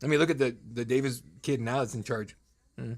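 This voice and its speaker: Brisk and medium-pitched, with fairly even intonation, this man in his thirties hosts a live draft stream through a desk mic at home. He jokes crudely and keeps up loose, profane banter with chat in casual commentary.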